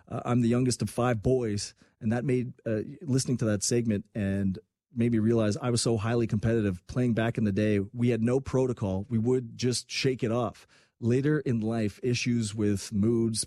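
A man's voice: on the low side, warm tone, no echo, clean studio sound. A middle-aged man hosting a talk radio show, telling a personal story and giving emphatic, opinionated commentary.

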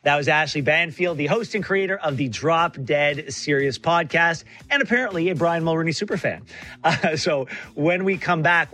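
A man hosting a radio interview, casual and halting, often restarting his words. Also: on the high side, pushed and bright. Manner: halting, repeats words, laughs easily. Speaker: radio host.

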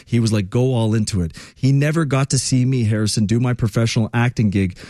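A man's voice: on the low side, warm tone, no room sound, clean studio sound. A man hosting a talk radio show, telling a story in a chatty, emphatic monologue.

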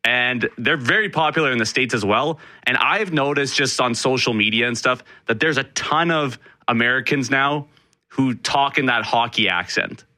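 Bright-voiced Canadian man, quick radio chat. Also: medium pitch, dry recording. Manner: animated, quick, laughs while teasing. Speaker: radio show co-host.

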